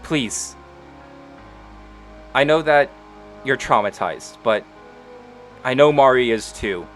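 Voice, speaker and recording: A man's voice: medium pitch, slow pace, faint music behind, lightly acted. A man voicing tearful pleading young woman Penelope. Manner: pleading and swearing, voice rising in urgency.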